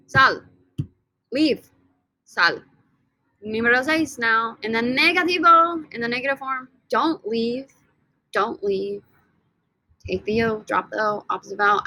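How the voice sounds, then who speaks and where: A woman teaches a casual grammar lesson in a bright, forceful voice. She is energetic and playful and draws out words she repeats. The sound is dry and close. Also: medium pitch, no echo. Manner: energetic and playful, drawn-out repetitions. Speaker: Spanish teacher.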